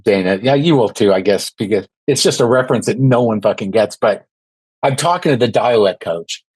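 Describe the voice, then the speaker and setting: Man in his 60s, husky voice, dry close sound, rambling self-deprecating guest chat. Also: lowish voice, brisk, darkish tone, no room sound, rough recording. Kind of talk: casual podcast chat.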